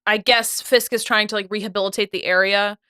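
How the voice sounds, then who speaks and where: A woman's voice: mid-range voice, steady tone, a little fast, bright, forceful tone, clean tone, no echo, clean studio sound. A woman co-hosting a casual TV recap chat, talking loosely with many fillers and restarts. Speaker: podcast co-host.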